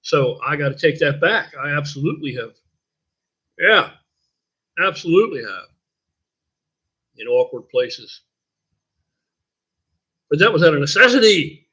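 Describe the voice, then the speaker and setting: A man's voice: a little high, animated, a little slow, pauses often, bright, forceful tone, husky. An older man hosting a casual live stream, rambling in a blunt, profane way and answering viewer questions. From United States. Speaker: host. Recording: dull lo-fi stream audio.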